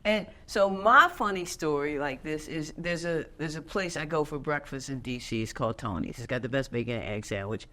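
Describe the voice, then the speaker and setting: A woman's voice: sits low, fairly quick, few pauses, pushed and bright. A woman hosting an interview series, chatting casually and sharing her own anecdotes, often checking in with "right?". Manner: conversational, frequent "right?" affirmations, tells anecdotes. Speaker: interview host.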